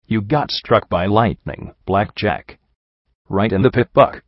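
A gentle, anxious young pony mare who speaks softly and slowly with a shaky edge, as a man reads her in a low voice. The sound is dull and close, with no room around it. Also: no echo. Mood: shaken. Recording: dull, dry.

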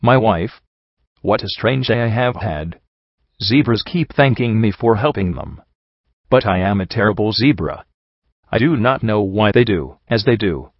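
A man's voice: lowish voice, animated, a little slow, no echo. A man voicing a good but silly male zebra who frets and pities himself, in a dry, dull recording. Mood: self-pitying. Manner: self-pitying, fretting.

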